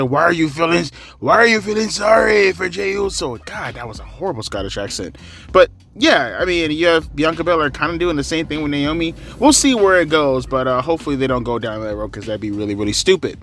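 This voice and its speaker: A man's voice: on the high side, animated, brisk, fairly bright tone. A man giving a casual, rambling wrestling recap, sarcastic and swearing freely. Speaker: wrestling commentary vlogger.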